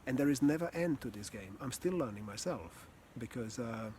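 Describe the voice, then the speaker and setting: With a medium-pitched voice, a calm and earnest man who coaches communication and voice delivers reflective teaching. He takes it slowly, leaving pauses and letting out occasional sighs and gentle laughs. There's slight background noise.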